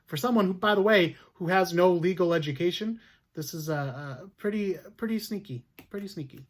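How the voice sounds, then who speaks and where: A man's voice: high voice, fairly quick. A man hosting a history podcast, telling a story casually with lots of fillers and restarts. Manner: chatty, many fillers and restarts.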